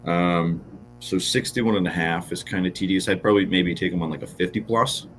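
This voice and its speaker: A man with a very deep voice co-hosts a laid-back fantasy football chat. He rambles a little, cracks dry jokes and fills pauses with ums. Faint music plays in the background. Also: rough recording. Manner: relaxed, joking, lots of fillers. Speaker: podcast co-host. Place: podcast studio.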